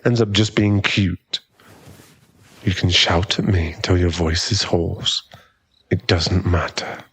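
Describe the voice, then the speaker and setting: Male voice actor as a cocky young rival for an ASMR role-play: gravelly, slow and smug, always teasing. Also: low voice, steady tone, a bit bright, no room sound, exaggerated voice. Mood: condescending. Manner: taunting, smug, chuckling. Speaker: ASMR roleplay performer.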